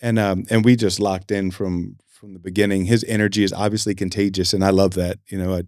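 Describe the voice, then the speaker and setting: A man hosting a podcast in a studio, chatting casually and telling stories with lively acted-out quotes. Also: deep voice, fairly quick, no echo. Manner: animated storyteller, acts out quotes. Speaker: podcast host. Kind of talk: casual chat.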